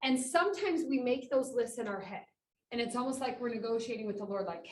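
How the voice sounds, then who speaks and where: A woman giving an inspirational talk at a conference, animated and acting out quotes, in a meeting room with about twenty people. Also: on the high side, normal speed. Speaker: conference speaker. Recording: echoey room, mic far off, faint noise.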